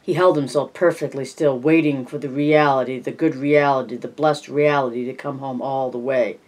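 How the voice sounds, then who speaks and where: A narrator reads a horror novel aloud at a measured pace. The voice sits at a mid pitch and drops softer when the tension rises. The telling is steady throughout. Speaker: audiobook narrator. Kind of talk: scripted narration.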